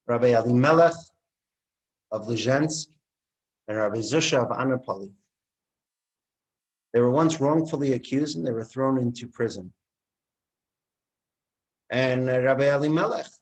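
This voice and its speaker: A man, likely a rabbi, giving a sermon and telling a story, acting out the characters' dialogue with lively expression. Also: mid-range voice, low-quality recording. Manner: animated storyteller who acts out the dialogue.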